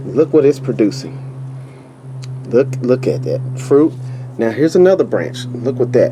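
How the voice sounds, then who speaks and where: A man with a Texan drawl showing his garden, talking in an excited, stumbling way and repeating himself, recorded outdoors on a handheld camera. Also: medium pitch, moderate pace, noisy background. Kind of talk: casual walk-through vlog.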